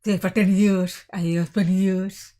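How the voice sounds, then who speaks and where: A woman from India with a soft Indian-English accent, chiming in briefly as co-host on a casual livestream. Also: medium pitch, flat delivery, a little slow.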